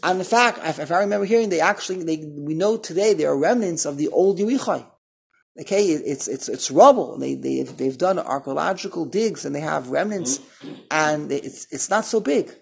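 A man's voice: on the high side, expressive, moderate pace, creaky, breathy edge. A man teaching a line-by-line text study. He reads passages with a pronunciation, explains them in English, and often stops to repeat words. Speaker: Torah teacher.

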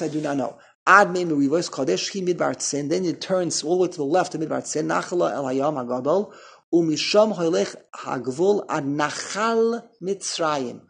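A man's voice: a little high, creaky, breathy edge. A man teaching a line-by-line text study. He reads passages with a pronunciation, explains them in English, and often stops to repeat words. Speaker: Torah teacher.

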